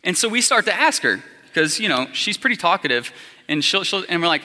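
Chatty high-voiced pastor in a reverberant hall. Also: male voice, very animated, a little fast, pushed and bright. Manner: conversational storytelling with many fillers. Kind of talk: sermon. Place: church hall.

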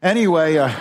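A middle-aged man preaching in a church with a slightly raised voice. He talks slowly and casually, wandering through his thoughts with restarts and small chuckles. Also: sits high, a little hiss or hum. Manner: rambling, folksy, with restarts and chuckles. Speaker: lay preacher. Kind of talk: conversational sermon. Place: church sanctuary.

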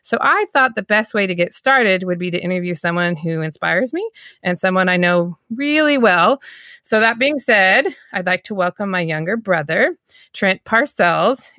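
A woman hosts a podcast interview with a cheerful, chatty manner and a ready laugh. Her voice sits at a middle pitch. The sound is dry and close, with no room echo. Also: a bit bright. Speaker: podcast host. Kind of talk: upbeat podcast interview introduction.

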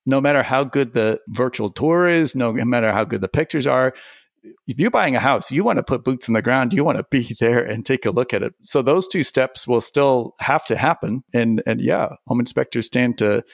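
Gravelly-voiced male podcast host. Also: mid-range voice, normal speed, dry recording, studio quality. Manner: relaxed, laughs easily, frequent restarts. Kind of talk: casual podcast chat.

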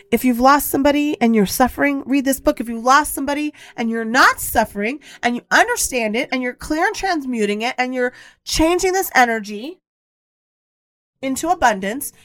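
A woman's voice: high-pitched, fairly bright tone, no echo. Candid, emphatic woman podcast host. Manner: candid, emphatic storytelling with repetition; blunt, occasionally swears. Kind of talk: personal podcast monologue.

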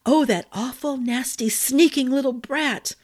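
A woman voicing a fretful female fairy who talks in a shrill, wailing way. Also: a little slow, darkish tone. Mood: frantic.

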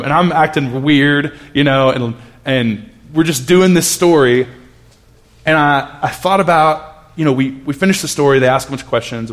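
Sharing a personal story in a conversational sermon, a male pastor in his thirties speaks earnestly in a slightly high voice, often restarting and softening to a hush when moments turn tender.

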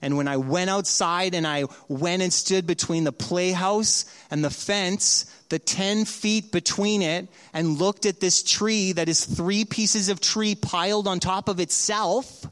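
A middle-aged male pastor preaching a sermon with a slightly high voice. He tells his stories with energy and acts out the voices of the people in them. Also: unhurried, smooth. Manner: animated storytelling, acts out voices in quotes.

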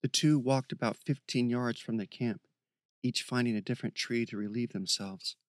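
A man's voice: medium pitch, moderate pace, dry recording. Man narrating an audiobook, dry and close.

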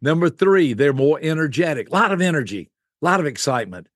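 An older man, a guest expert, explaining personality types in an animated teaching style, acting out quick voices. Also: a little high, no echo, clean studio sound.

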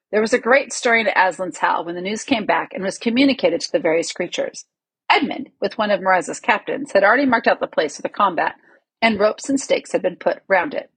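A woman reading a children's novel aloud in steady, expressive storybook narration. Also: mid-range voice, a little fast, breathy edge, no echo, rough recording. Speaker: audiobook reader.

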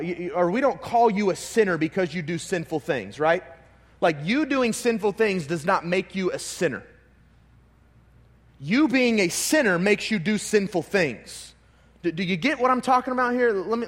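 Animated high-voiced preacher in a reverberant hall. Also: male voice. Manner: animated, conversational preaching with frequent restarts. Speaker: pastor. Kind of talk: sermon. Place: church.

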